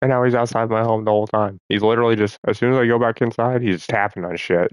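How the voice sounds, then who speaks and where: A man's voice: fairly low pitch, steady tone, fast, few pauses, smooth, dry recording. A man vlogging in a rambling, profane monologue, as if talking to himself.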